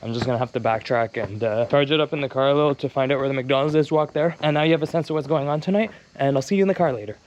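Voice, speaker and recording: A young man filming himself on an action camera while he walks hillside streets at dusk, talking to it in a rambling, joking way. His voice sits at an ordinary middle pitch. Faint crickets chirp behind him. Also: rapid-fire, hardly any pauses, a little mellow, slight background noise. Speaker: travel vlogger. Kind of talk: casual vlog talk to camera. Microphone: handheld action camera.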